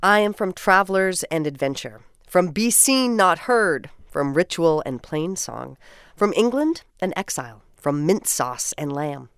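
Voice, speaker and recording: A woman co-hosting a radio show, chatting and reading community poetry aloud in an expressive, upbeat way. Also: on the low side, measured pace, smooth, no echo, studio quality. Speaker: radio co-host.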